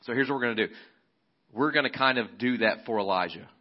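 A man preaching a sermon as a pastor, relaxed and conversational, often restarting his phrases. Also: medium pitch, quick pace, lo-fi sound.

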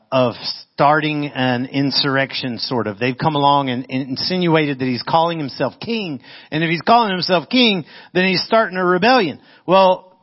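A man preaching a sermon in a conversational way, often putting questions to his listeners. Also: on the high side. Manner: conversational, asks the audience questions. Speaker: pastor. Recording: dull lo-fi audio.

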